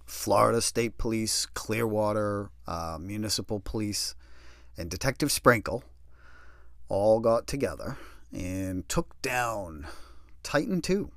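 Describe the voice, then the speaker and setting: Male storyteller, sardonic and lively, very expressive pitch, dry close recording. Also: takes it slowly, gravelly, no echo. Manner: animated, sardonic, acts out other people's lines. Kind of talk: personal storytelling.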